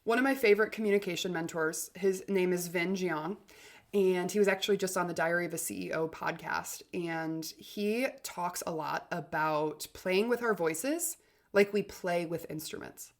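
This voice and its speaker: A woman's voice: lowish voice, moderate pace. A woman hosting a motivational podcast about confident communication, with an upbeat, chatty delivery full of "like" and "literally.". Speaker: podcast host and communication coach.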